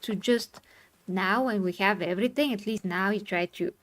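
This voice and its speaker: A woman's voice: mid-range voice, fairly bright tone. Earnest woman streamer arguing her point. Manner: earnest, insistent, quick to apologize. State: tired from talking. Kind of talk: live stream discussion.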